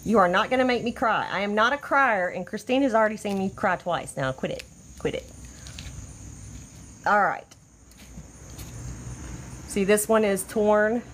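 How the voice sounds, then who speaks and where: Woman craft host, effusive and chatty, mid-pitch voice, faint crickets behind. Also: unhurried, long pauses, a little hiss or hum. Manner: chatty, effusive, easily excited. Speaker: crafter hosting a livestream tutorial. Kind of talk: casual live demonstration. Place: outdoors or by an open window, fading daylight.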